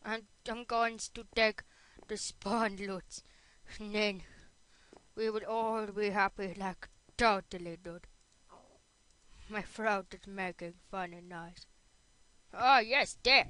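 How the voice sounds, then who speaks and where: A woman's voice: medium pitch, steady tone, unhurried, sharp tone, smooth, low-quality recording. A woman hosting a casual gaming video, playful and silly, chatting to her viewers and a bit tired.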